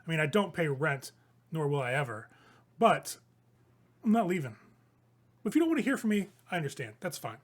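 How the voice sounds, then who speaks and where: A man voicing a suave demonic spirit in a suit, smooth and taunting. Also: fairly high pitch, big pitch swings, brisk, long pauses.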